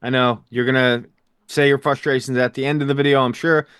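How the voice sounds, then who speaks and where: A man hosting a casual TV recap chat, energetic and jokey, with quick fast-talking asides, recorded indoors. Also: medium pitch, smooth, dry recording, studio quality. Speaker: podcast host.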